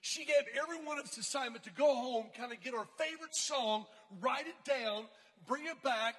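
Bright high-voiced man telling stories. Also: fairly quick, breathy edge, big-room sound. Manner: casual, slangy, animated storytelling. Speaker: youth speaker. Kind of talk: storytelling sermon.

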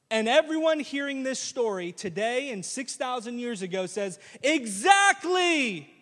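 High-voiced preacher in a reverberant hall. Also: male voice. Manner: animated storytelling, acting out characters in slang. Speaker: pastor. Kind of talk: sermon. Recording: long reverb of a large hall.

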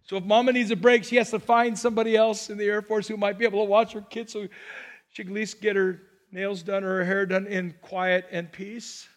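A man's voice: sits high, level tone, fairly quick. A man preaching a sermon as pastor, talking to the congregation in a conversational way and asking rhetorical questions. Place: church sanctuary.

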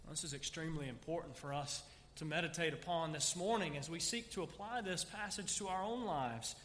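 A man's voice: on the high side, fairly quick, hardly any pauses, a bit bright, long reverb tail, a little hiss or hum. A man preaching a sermon, emphatic and full of rhetorical questions. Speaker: pastor.

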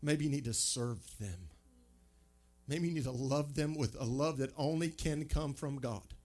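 A pastor preaching a sermon, conversational and emphatic, full of rhetorical questions. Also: male voice, mid-range voice, measured pace, darkish tone.

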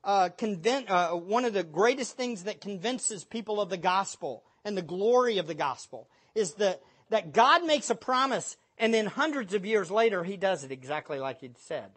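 A preacher giving a sermon, speaking emphatically and reading scripture aloud, building at times to loud exhortation. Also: medium pitch, lively intonation, normal speed, few pauses, slightly rough.

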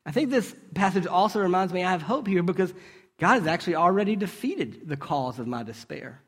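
Male preacher, conversational sermon, slightly high voice, rhetorical questions and asides. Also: animated, brisk, husky. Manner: asks rhetorical questions and checks in with "right?"; storytelling with brief restarts.

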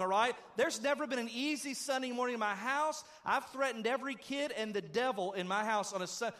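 A middle-aged male pastor preaches an animated, conversational sermon, swinging between loud, quick bursts and low, hushed stretches.

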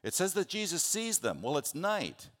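A man preaching a sermon, telling the scripture story with animated, conversational delivery and acting out the characters' words. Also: fairly high pitch, moderate pace. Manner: animated storytelling, acts out biblical voices; conversational, with restarts and asides. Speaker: pastor.

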